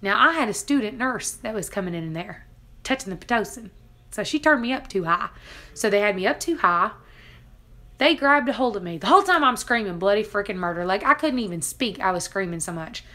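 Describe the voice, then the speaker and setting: A woman's voice: mid-range voice, lively intonation, a little fast, pushed and bright. A woman vlogger casually retelling a dramatic personal story, laughing now and then between lines. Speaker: family homestead vlogger.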